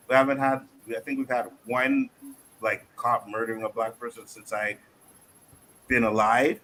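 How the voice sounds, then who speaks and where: A man from Canada hosting a casual panel podcast, telling stories in a lively, profane way and acting out the quotes. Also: medium pitch, moderate pace, a little hiss or hum, low-quality recording. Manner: animated storytelling, profane, acts out quotes. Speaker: podcast host.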